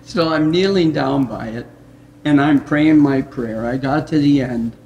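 A man, a pastor from the Upper Midwest of the US, earnestly telling his personal testimony in conversation, with reflective storytelling and soft chuckles. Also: mid-range voice, unhurried, highs cut off, a little hiss or hum.

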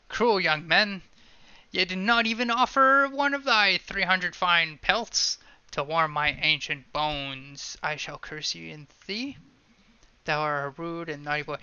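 A man's voice: high voice, bright, forceful tone, clear, resonant tone, no echo, lo-fi sound, heavily acted. A man reading as a cursing old witch. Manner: archaic mock-solemn cursing.

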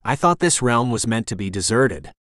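A male narrator plays a cocky young dragon shifter in an audiobook, wry and teasing. The voice is mid-pitched, and the recording is dry with no room sound. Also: big pitch swings, normal speed, fairly bright tone, no echo.

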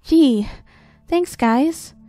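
A woman voicing an excitable, strange young boy in a creepy story reading, with a high, overexcited delivery. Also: drawn-out words, no room sound, soft background music, heavily acted. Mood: shouting.

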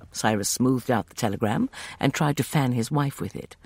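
A man narrating a first-person novel as an audiobook, reading in an expressive, animated way. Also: medium pitch, moderate pace, creaky, slightly rough, no echo.

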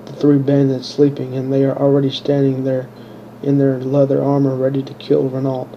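A man reading his own fantasy story aloud in a plain, monotone way, stumbling and restarting now and then. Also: mid-range voice, normal speed, dull audio, slight background noise. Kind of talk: unpolished audiobook narration.

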